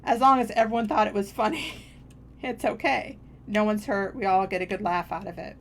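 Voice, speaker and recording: A woman's voice: medium pitch, fairly even intonation, normal speed, a little hiss or hum. A woman streaming a game, chatting casually in a meandering, self-deprecating way. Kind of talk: casual rambling chat while gaming.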